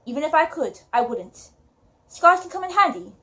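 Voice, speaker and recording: A wise old male wizard, calm and gently wry, in an attempted British accent, as a woman reading aloud puts him on. He speaks in a measured way, in a fairly high voice. It sounds like a storybook read aloud. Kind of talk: audiobook reading.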